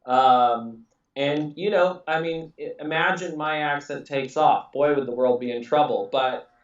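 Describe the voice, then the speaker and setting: A man's voice: fairly high pitch, unhurried. A man raised in England rambles through a casual podcast chat, full of fillers and restarts. He sits away from the mic in a roomy, echoing space, and the sound is a little dull. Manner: rambling, many fillers and restarts, laughs often. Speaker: podcast host. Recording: echoey room, distant mic, dull audio.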